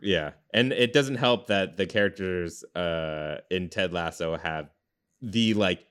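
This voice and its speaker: A man's voice: sits low, slow pace, a bit bright, clear, resonant tone. A man hosting a podcast in a rambling casual chat, full of fillers and restarts. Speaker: podcast host.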